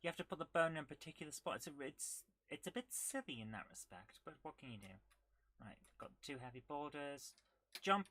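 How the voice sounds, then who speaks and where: A woman's voice: deep voice, sing-song, fairly quick, a bit bright. A woman streaming a retro game live, chatting and thinking aloud as she plays and humming along to the game. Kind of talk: live gameplay commentary.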